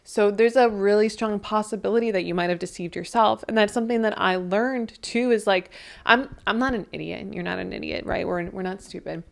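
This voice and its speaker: A woman's voice: mid-range voice, fairly quick, gravelly. A young woman giving a casual astrology reading, talking in a chatty, emotional way with lots of fillers and moments close to tears.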